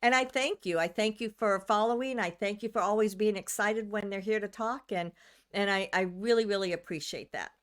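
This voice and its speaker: A woman's voice: mid-range voice, fairly quick, fairly bright tone. A woman from the United States, a channeler hosting a live stream, chatting casually with viewers, rambling, restarting sentences and greeting people by name.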